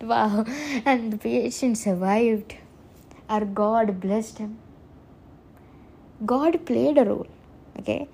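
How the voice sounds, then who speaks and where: A woman's voice: fairly high pitch, slow pace, vocal fry, long pauses, dark tone, husky. A woman hosting a solo podcast, rambling earnestly, often correcting herself and laughing. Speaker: podcast host. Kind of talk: casual solo podcast monologue.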